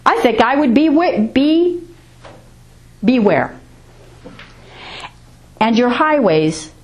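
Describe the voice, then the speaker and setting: A woman's voice: fairly high pitch, big pitch swings, slow pace. A woman preaching a sermon, reading scripture aloud and driving her points home with rising and falling emphasis.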